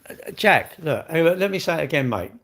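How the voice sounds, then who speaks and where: A man's voice: a little high, sing-song, a little fast, creaky, a bit bright. A man hosting a casual livestream, talking in an exasperated, rambling way and repeatedly calling the viewer "mate". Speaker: livestream host.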